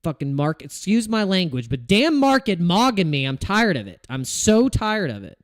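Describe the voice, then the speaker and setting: A man with a fairly high voice that swings widely up and down as he rants on a livestream. He talks in a fed-up, swearing, rambling way, full of restarts. His voice sounds close and dry, with no room around it. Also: sing-song, moderate pace, no echo. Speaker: crypto trading livestream host. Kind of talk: casual livestream rant.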